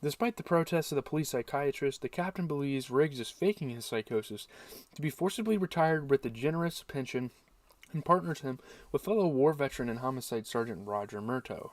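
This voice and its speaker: A man's voice: mid-range voice, animated, brisk, no room sound, recorded from a distance. A young man hosting a casual movie review, rambling and correcting himself as he thinks aloud.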